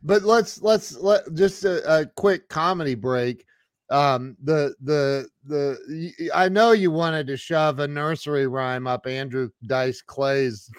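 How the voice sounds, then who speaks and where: A man hosting an interview, excitable and quick to react with exclamations. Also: a little high, no room sound, clean studio sound. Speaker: podcast host. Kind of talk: casual interview chat.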